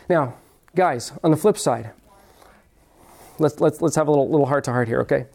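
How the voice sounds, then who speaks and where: Conversational preacher, higher-pitched man. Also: dark tone. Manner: conversational preaching, direct questions to the audience; slows down to stress key phrases. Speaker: pastor. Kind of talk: sermon.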